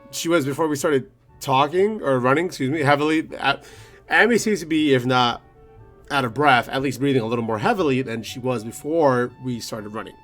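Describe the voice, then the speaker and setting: A man's voice: medium pitch, a bit bright. Young man, let's play host, profane, rambling, joking, slightly out of breath, faint music behind. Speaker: gaming video host. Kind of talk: let's play commentary reading a visual novel.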